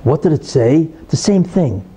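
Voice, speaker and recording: Man teaching a Torah lesson, lively rising and falling pitch, dark husky tone, conversational, rhetorical questions. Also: measured pace. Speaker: religious teacher.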